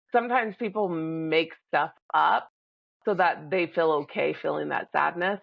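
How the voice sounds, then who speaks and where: Calm low-voiced woman, dry dull sound. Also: no room sound. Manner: measured and reflective, pausing to breathe. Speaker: podcast co-host. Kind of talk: casual reflective chat.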